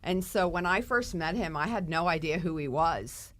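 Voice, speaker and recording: Woman, from the US, podcast guest, hesitant, low voice. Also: lively intonation, moderate pace, fairly bright tone. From United States. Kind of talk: casual chat.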